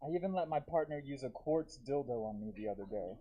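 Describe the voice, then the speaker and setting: A man performing a live stand-up set with dark, deadpan jokes and self-aware asides to the audience, talking through a deer mask. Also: mid-range voice, quick pace, highs cut off. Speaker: stand-up comedian. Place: comedy theater stage.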